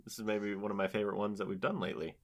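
A man's voice: on the low side, fairly even intonation, racing, gravelly. A man co-hosting a podcast in casual chat, upbeat and chatty as he leads the segments. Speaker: podcast co-host.

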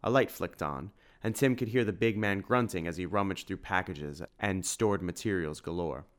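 Male audiobook narrator, low and resonant; steady storytelling. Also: moderate pace.

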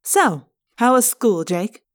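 A woman's voice: a little high, very animated, slow, no echo. A woman reading as a chatty, fond middle-aged mother in a fan audiobook.

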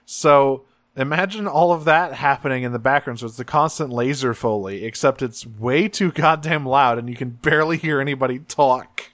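A man's voice: mid-range voice, normal speed, hardly any pauses, a bit bright, dry recording. Casual man recapping, dry sound. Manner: loose and profane, with frequent fillers. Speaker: podcast co-host.

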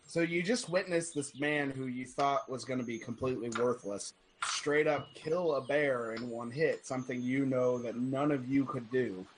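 A man hosting a tabletop role-play podcast, introducing the episode and running the game in a relaxed, chatty way. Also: medium pitch, normal speed, hardly any pauses, a little hiss or hum. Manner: relaxed, chatty, laughs easily. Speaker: game master and podcast host. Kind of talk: casual podcast narration and game mastering.

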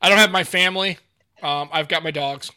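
A man co-hosting a casual tech podcast, talking in an animated, rambling way and throwing in quick asides to the live chat. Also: on the high side, background noise. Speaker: podcast co-host.

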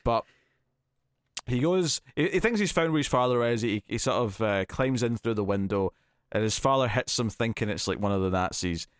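A man co-hosting a podcast, chatting casually about a film and often pausing to restart his sentences. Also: medium pitch, expressive, clear, resonant tone, no room sound, studio quality. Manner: rambling, hesitant, with frequent fillers and restarts. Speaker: podcast co-host. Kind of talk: casual film review chat.

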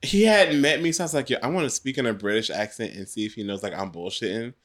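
Man, guest co-host, casual chat, animated storytelling, laughs through punchlines, bright tone. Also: medium pitch, fast talker.

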